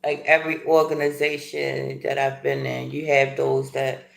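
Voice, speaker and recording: A middle-aged woman hosting a casual livestream, chatting in a rambling, playful way with animated asides. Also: extremely low pitch, moderate pace, gravelly, echoey room. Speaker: livestream host. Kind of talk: casual live chat while eating breakfast.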